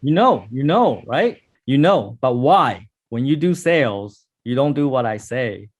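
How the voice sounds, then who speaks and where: A man's voice: medium pitch, sing-song, measured pace, hardly any pauses. A man teaching a sales class in a blunt, scolding way, swearing and quizzing his students. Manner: blunt, scolding, swears, acts out sample calls. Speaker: sales trainer. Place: training room with a class.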